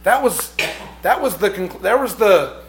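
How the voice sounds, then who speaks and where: A male preacher delivers a slow, searching sermon, often repeating himself as he works toward a point. His voice sits a touch high for a man. The room around him is echoey. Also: lively intonation, a bit bright, slight background noise. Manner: reflective, repeats phrases, swells in emphasis.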